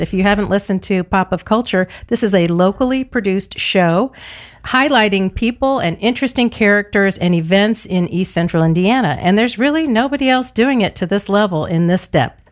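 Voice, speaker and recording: A woman chats casually and cheerfully on air, encouraging listeners to become members. Her tone is relaxed and conversational, with easy fillers. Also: medium pitch, a little fast. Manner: chatty, upbeat, casual. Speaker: public radio membership manager. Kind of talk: on-air fundraising chat.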